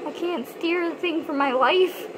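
A young woman chatting excitedly to herself while playing a video game. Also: extremely high pitch, unhurried. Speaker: gamer. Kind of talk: gameplay commentary. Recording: noisy game audio behind.

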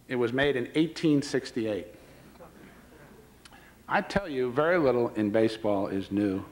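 A man's voice: mid-range voice, a little mellow, rough recording. A man addresses a lecture audience as baseball commissioner, spinning anecdotes with dry, understated wit. His voice sits in an ordinary middle register, and his delivery moves easily from jokes back to serious points. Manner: storytelling with dry wit, retelling quoted dialogue. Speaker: baseball commissioner giving a public talk. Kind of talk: humorous anecdotal speech.

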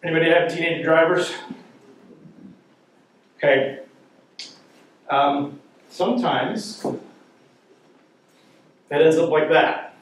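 A man's voice: fairly high pitch, fairly even intonation, slow pace, pauses often. A middle-aged man teaching a church parenting class, telling joking stories and asking the audience questions. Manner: jokey, anecdotal, asks the audience questions. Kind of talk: humorous storytelling talk to a class. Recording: very echoey room, voice from far off.

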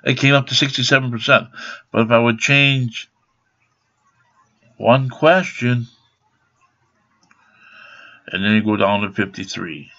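A man in his fifties rants to his camera at home, swearing constantly and sounding blunt and aggrieved. His voice is gravelly and bright, with a tense edge. The sound is dull, lo-fi webcam audio. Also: mid-range voice, a little slow, pauses often. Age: 50s. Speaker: vlogger. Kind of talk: angry rant to camera.

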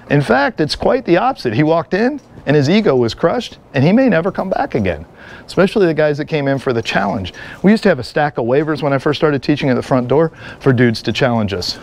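A middle-aged man teaching a live seminar, an energetic instructor who jokes and tells stories to the class. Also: on the high side. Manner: energetic, joking storyteller. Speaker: firearms and martial arts instructor.

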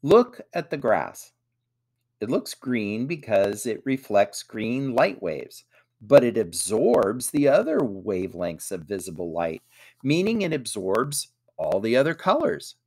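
A man's voice: on the low side, big pitch swings, a little slow, darkish tone, full character voice. A man voicing Samuel, an eager adult who patiently explains how color works. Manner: enthusiastic, explanatory.

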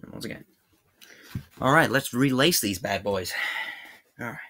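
A man's voice: mid-range voice, expressive, normal speed, pushed and bright. A man with a Scottish accent chatting informally while he shows a hands-on task, thinking aloud as he works. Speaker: how-to video host. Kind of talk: casual hands-on tutorial.

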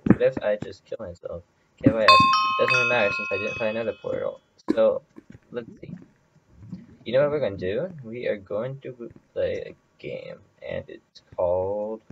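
A man's voice: on the low side, vocal fry, a little hiss or hum, low-quality recording. A man hosting his own channel, giving rambling, casual let's-play commentary full of fillers as he plays. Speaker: gaming channel host.

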